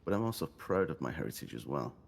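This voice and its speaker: Man, extremely low voice, roleplay, calm, evasive, denying. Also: quick pace, vocal fry. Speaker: roleplay character under questioning. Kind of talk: in-character roleplay chat.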